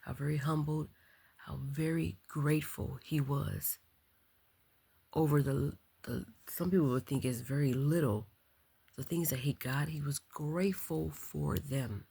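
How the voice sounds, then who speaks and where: A woman talking in a casual late-night vlog, keeping her voice low and soft, reflective and full of ums and likes. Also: steady tone, a little slow, creaky, husky. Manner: speaking softly and low to keep quiet. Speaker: vlogger.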